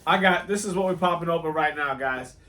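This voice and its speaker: A man's voice: a little high, fairly quick, pushed and bright, recorded from a distance. A man hosting a casual toy unboxing, joking and teasing his guest, laughing often. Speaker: toy reviewer host. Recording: roomy, from off-mic.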